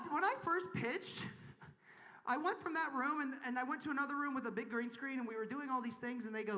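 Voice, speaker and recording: Bright high-voiced crude woman comedian. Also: fairly quick. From Kentucky, USA. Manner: crude, self-mocking, laughs at own jokes. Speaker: stand-up comedian. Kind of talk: stand-up comedy set. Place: convention main stage in a large hotel.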